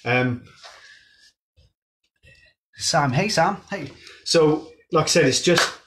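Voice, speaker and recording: A man's voice: a little high, slow pace, noisy background. Chatty Gloucestershire fitness instructor, man. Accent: Gloucestershire English. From Gloucester, England. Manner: chatty, upbeat, greets viewers by name from comments. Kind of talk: live-streamed dance fitness class.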